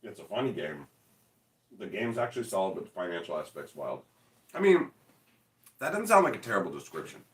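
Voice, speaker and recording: A man rambles through a casual chat, laughing often and packing his talk with "like". His pitch swings lively up and down. He sits back from the mic in an echoey room. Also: brisk, long pauses, recorded from a distance. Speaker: card game channel host.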